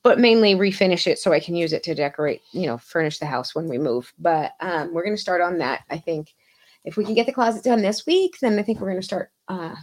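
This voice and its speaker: On a podcast, a woman guest chats casually in a lowish voice with lively intonation and a slightly fast pace. She rambles, swears freely, and laughs often.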